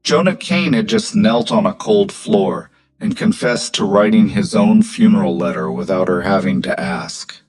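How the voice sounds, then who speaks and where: Low-voiced male story narrator. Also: over loud music, rough recording. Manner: measured, steady storytelling. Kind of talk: scripted narration.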